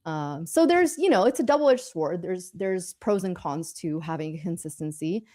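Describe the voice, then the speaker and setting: A woman with a lowish voice talks through her trading day in a loose, rambling way. She restarts her sentences often and laughs easily, in a casual live-stream chat. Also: lively intonation, moderate pace, warm tone.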